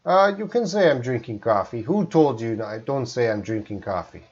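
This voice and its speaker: A man's voice: mid-range voice, animated, moderate pace, darkish tone, slightly rough, lo-fi sound. A man from Canada teaching English in a live stream, reading out viewer questions and answering them plainly.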